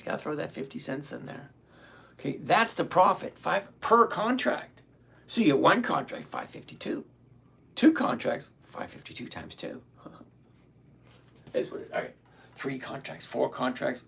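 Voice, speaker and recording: Hoarse, gravelly man in his sixties. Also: on the high side. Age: 60s. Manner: chatty, upbeat, explains step by step. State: hoarse, voice giving out. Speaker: livestream host. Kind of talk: live-stream teaching, chatting with viewers.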